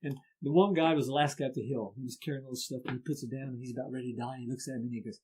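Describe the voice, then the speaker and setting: A middle-aged man with an Appalachian accent, a folk musician telling stories in a casual podcast chat, lively and doing voices for the people in them. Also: medium pitch, very fast, slightly rough, rough recording. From Appalachian Ohio. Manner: animated storyteller, does voices in quotes.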